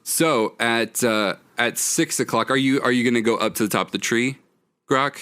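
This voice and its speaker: A man's voice: medium pitch, normal speed, pushed and bright, a little hiss or hum. A man narrating as game master of a tabletop game, with many fillers. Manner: hesitant, many fillers, laughs often.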